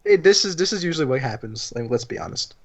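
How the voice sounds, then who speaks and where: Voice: mid-range voice, animated, fast. A stream host chatting casually with guests, blunt and crude in a joking way. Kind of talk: casual group chat on a stream.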